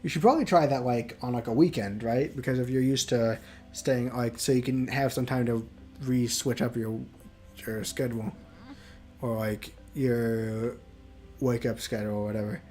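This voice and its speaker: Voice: mid-range voice, steady tone, moderate pace, darkish tone, soft background music. A game streamer chatting casually between voicing characters, self-mocking and loose. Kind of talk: live game commentary and voicing.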